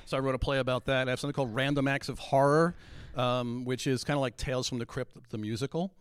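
Fast-talking man, animated guest. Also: medium pitch, clear, resonant tone, no echo. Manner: animated, rambling with many restarts. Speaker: guest on a live stream show. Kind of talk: casual chat.

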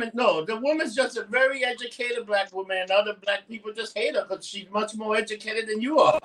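A man's voice: high-pitched, brisk, hardly any pauses, bright, forceful tone, far from the mic. A man with a New York accent co-hosting a casual chat show, blunt and profane, laughing often. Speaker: podcast host.

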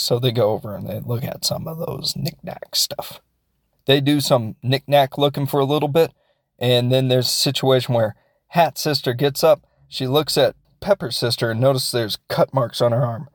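A man's voice: mid-range voice, normal speed, dry recording, clean studio sound. A man casually recapping a film as a reviewer, rambling and joking and acting out the characters. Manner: rambling, jokey, acts out characters.

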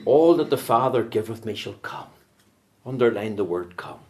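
A man preaching a sermon in a church, swinging from loud fervent calls to low hushed asides. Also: animated, normal speed.

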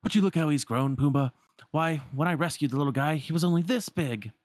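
A man's voice: on the high side, a little fast, dry recording, clean studio sound, pitched above the performer's own voice, close to an everyday voice. A wisecracking meerkat sidekick, as a man puts him on. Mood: teasing. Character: brash chatty male meerkat sidekick.

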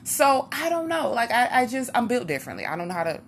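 A woman's voice: fairly high pitch, quick pace, slight background noise. A woman vlogger telling personal stories in a casual, rambling way, losing her track, restarting, and acting out what other people said. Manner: animated, acts out what others said. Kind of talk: casual personal storytelling to camera.

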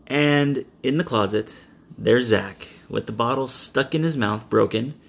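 A man's voice: medium pitch, a little slow, gravelly. Casual man recapping a movie. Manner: rambling retelling with quoted asides. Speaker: podcast co-host recapping a movie. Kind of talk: casual chat.

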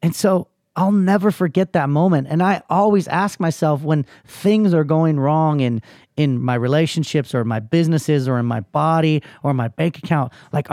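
A man with a somewhat high but mellow voice tells a personal story as a podcast host. He speaks with earnest emphasis, swears freely and presses his listeners with rallying questions. The sound is dry and close. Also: normal speed, no echo. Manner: rallying, motivational push to listeners.

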